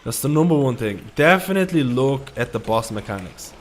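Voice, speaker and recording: A man's voice: mid-range voice, lively intonation, fairly quick. A man livestreaming a game, giving rambling, repetitive advice in casual talk, swearing and saying "dude" and "man" a lot. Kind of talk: casual gaming commentary.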